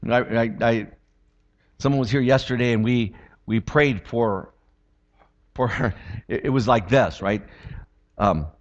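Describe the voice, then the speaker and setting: A man's voice: medium pitch, dull audio. A pastor giving a sermon in a conversational way, joking and often asking his listeners "right?". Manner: conversational preaching with jokes and repeated questions. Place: church.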